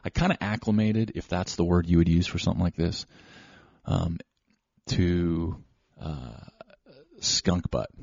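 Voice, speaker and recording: A man hosting a show, telling a casual, rambling, self-deprecating story with animated asides. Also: low-pitched, unhurried, gravelly, long pauses, dry recording. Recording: slightly dull lo-fi recording.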